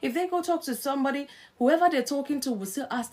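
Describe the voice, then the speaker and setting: A woman's voice: high voice, a little fast. Earnest woman giving marriage advice. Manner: animated, acts out quarrelling spouses in quotes; earnest, coaching tone addressed to listeners. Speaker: host. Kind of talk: live-stream marriage advice talk.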